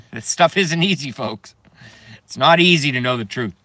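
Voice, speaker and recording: A man's voice: mid-range voice, expressive, moderate pace, bright, forceful tone, no echo. A man ranting on a live stream to his chat, profane and rambling, breaking into nervous giggles. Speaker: YouTube streamer.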